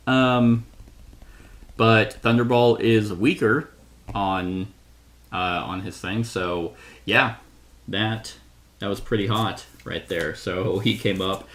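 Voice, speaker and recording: A man with a lowish voice talks through a solo tabletop card game. He takes it slowly, reading card rules out loud, weighing his options and stopping to correct himself in a casual way. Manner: thinks aloud, reads card text, self-correcting. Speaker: board game reviewer.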